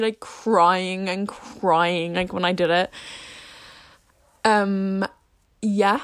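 A teenage girl talks straight to camera in a loose, rambling vlog voice, full of fillers and self-mocking asides. Her pitch sits in an ordinary middle range. The sound is dry and close, with no room echo. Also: level tone, measured pace, long pauses, clean tone. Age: late teens. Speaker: vlogger. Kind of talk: casual chat to camera.

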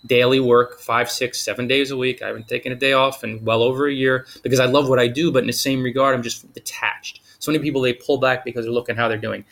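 A man's voice: mid-range voice, steady tone, quick pace, creaky, few pauses, a bit bright. A man giving an upbeat, informal motivational talk on blogging, full of slang and enthusiasm. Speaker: blogging coach.

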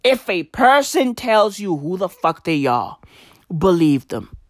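A woman's voice: lowish voice, sing-song, measured pace, dry recording, clean studio sound. A woman hosting a podcast, ranting comically with constant swearing and rhetorical questions. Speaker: podcast host. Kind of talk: profane comedic rant.

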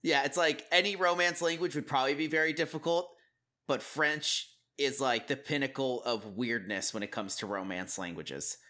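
A man's voice: medium pitch, moderate pace, bright, forceful tone. A man co-hosting a podcast, chatting in an easygoing way and laughing often. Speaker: podcast co-host. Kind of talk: casual chat.

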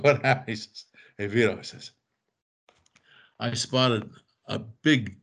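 An older man telling casual anecdotes, acting out the voices of the people in them. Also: medium pitch. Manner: animated, acts out quoted voices. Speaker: storyteller guest.

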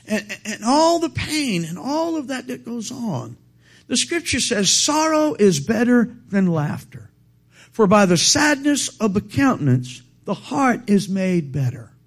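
A man preaching a sermon, quoting scripture and calling for amens, with halting restarts that build to loud, emphatic peaks. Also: very high voice, sing-song. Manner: quotes King James scripture, calls for amens.

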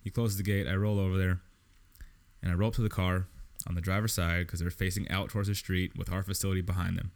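A man's voice: low-pitched, quick pace. A man, hosting a podcast and telling a long story, full of swearing and acted-out dialogue. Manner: profane, animated storytelling with quoted dialogue. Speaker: podcast host. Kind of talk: casual storytelling monologue.

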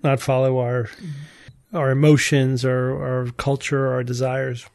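A man's voice: mid-range voice, little pitch movement, measured pace, a little mellow. A man hosting a podcast, explaining things in casual panel chat and often restarting his sentences. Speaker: podcast host.

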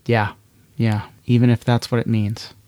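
A man's voice: mid-range voice, little pitch movement, moderate pace, dark tone, dry recording, natural voice. Guy doing an earnest lonely diplomat, a bit flustered, dry close sound.

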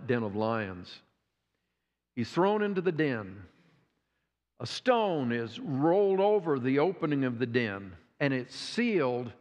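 A man preaching a sermon, retelling a story dramatically with repeated phrases and pauses. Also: a little high. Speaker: pastor. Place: church sanctuary. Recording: dull sound with long hall reverb.

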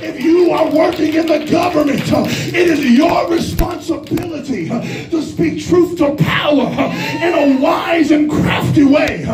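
A middle-aged man, a pastor, preaching a sermon in a shouting, rhythmic style with much repetition. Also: very high-pitched, unhurried, hardly any pauses. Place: church sanctuary. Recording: roomy church hall with live crowd and music, mic at a distance.

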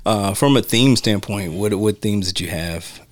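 A man's voice: lowish voice, a little slow, no echo. A man hosting a podcast, chatting casually about films in an easygoing way, often laughing and groping for names. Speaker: podcast host. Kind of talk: casual film commentary chat.

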